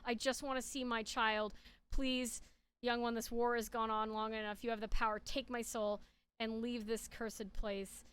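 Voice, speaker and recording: A woman reading the lines of a grieving, gentle male goat-monster king from a video game, in a slow, heavy, mournful way. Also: fairly high pitch, level tone, clean tone, pitched below the performer's own voice, natural voice. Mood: sorrowful.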